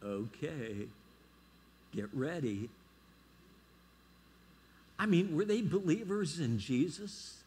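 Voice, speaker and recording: A man's voice: a little high, big pitch swings, takes it slowly, pauses often, darkish tone, breathy edge. A middle-aged man preaching a sermon as a guest speaker. He is emphatic and keeps checking in with the congregation.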